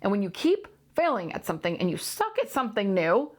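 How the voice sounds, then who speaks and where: Earnest woman coach venting honestly to camera, keeps repeating lines for emphasis, middle pitch. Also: wildly swooping pitch, a little fast. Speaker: host and coach. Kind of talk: candid solo monologue to camera.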